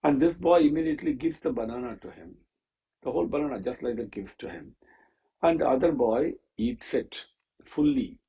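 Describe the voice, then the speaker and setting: A man teaching the meaning of a Sanskrit hymn, pausing often with fillers and restarts. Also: medium pitch, animated, creaky, warm tone, breathy edge, highs cut off. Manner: halting, with many fillers and restarts. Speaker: scripture teacher. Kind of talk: explaining a Sanskrit hymn with stories.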